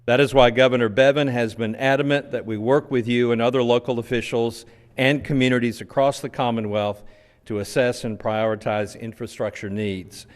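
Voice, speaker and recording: A man's voice: medium pitch, fairly even intonation, moderate pace. A man with a West Kentucky accent, a state transportation representative reading a letter aloud at a county meeting in a courthouse, formal with "uh" fillers. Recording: long reverb of a courtroom.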